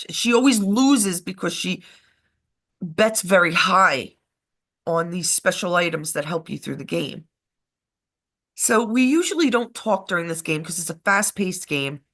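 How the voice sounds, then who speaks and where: A woman co-hosting a live show, telling a rambling, animated story in casual chat, with swearing along the way. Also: lowish voice.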